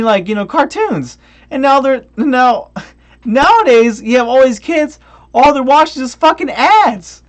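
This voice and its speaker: A tipsy young man ranting on a stream, swearing heavily, restarting often and drifting off on tangents. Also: sits high.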